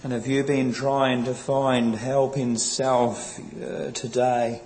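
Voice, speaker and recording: Slow, earnest preacher man. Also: mid-range voice, flat delivery, darkish tone, rough recording. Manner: slow, earnest and pleading, with old scriptural wording. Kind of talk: sermon.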